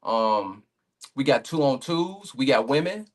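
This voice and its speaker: A man's voice: mid-range voice, lively intonation, unhurried. A man talking casually as a guest on a remote podcast call, laid-back and rambling, with many fillers and restarts. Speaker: league owner guest.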